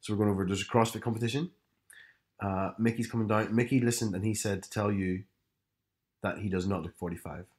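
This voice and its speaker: A man co-hosting a podcast in casual chat, playful and teasing, with his voice jumping up in pitch on jokes. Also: fairly even intonation, brisk, a little mellow. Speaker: podcast co-host.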